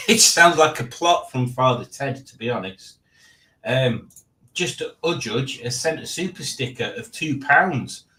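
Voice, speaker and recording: Rambling self-mocking man with animated pitch. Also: unhurried. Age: 40s. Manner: rambling, self-mocking, reads chat aloud. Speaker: live stream host. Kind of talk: casual live stream chat.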